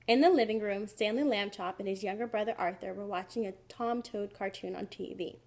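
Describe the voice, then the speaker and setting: A woman narrating a children's storybook in a clear, expressive reading. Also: mid-range voice, a little fast, hardly any pauses.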